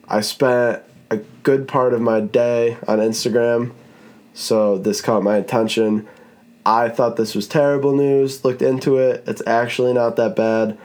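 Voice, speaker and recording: Dude hosting a podcast, chill and rambly, curses a bit, normal middle voice. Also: male voice, mid-range voice, steady tone, measured pace, a little mellow. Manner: laid-back, rambling, swears casually. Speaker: podcast host. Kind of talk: casual podcast chat.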